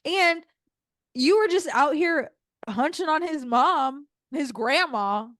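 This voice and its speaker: A woman's voice: high voice, lively intonation, takes it slowly, fairly bright tone, dry recording, clean studio sound. A young woman co-hosting a casual chat show, recapping a TV episode bluntly and with exasperation, with heavy fillers. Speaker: podcast co-host.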